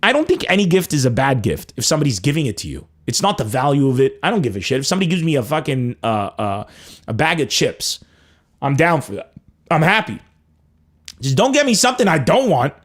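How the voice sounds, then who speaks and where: Brief: young male comedy podcast host, animated swearing storyteller, voice sits a bit high. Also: a little fast. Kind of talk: casual comedic monologue.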